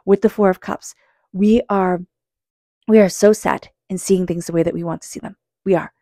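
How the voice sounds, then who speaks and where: A woman giving a psychic tarot reading, earnest and speaking straight to the listener, calm with slow passages. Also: mid-range voice, dry recording, studio quality. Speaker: tarot reader.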